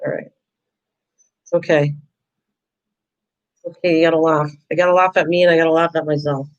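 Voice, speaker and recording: A woman's voice: deep voice, little pitch movement, a little fast, lo-fi sound. A chatty woman talking casually to her viewers while she works on a craft project, laughing at herself. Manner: chatty, self-deprecating, talks to viewers in chat. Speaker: craft vlogger.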